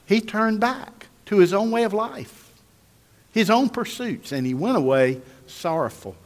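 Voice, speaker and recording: Emphatic preacher with a ringing echo. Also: male voice, high voice, lively intonation, a little slow. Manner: emphatic, repetitive, calls on the congregation. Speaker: pastor. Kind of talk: sermon. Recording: long echo of a large hall.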